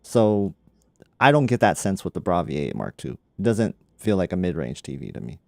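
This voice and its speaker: A man's voice: sits low, sing-song, normal speed, gravelly, darkish tone, dry recording, clean studio sound. A man hosting a casual tech livestream, laid-back and laughing often, with lots of "like" in his talk. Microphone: studio microphone.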